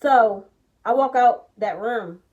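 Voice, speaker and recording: A woman's voice: on the high side, slow pace, lo-fi sound. Heated, profane young woman telling a story. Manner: heated, profane, animated storytelling with quoted dialogue. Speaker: vlogger telling a personal story. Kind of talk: casual storytime vlog.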